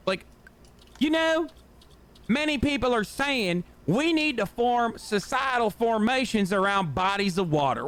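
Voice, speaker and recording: Speaking in an extremely high, slightly bright voice, an American livestream host rants about his game with sarcasm and lots of swearing. He is animated yet a little slow, and the tone is clean.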